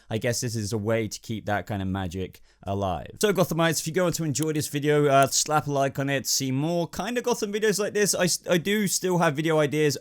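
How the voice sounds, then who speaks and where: Hoarse young man thinking aloud. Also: mid-range voice. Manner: thinking aloud, hesitant and rambling. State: hoarse, losing his voice. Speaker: YouTube host. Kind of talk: casual ranking commentary.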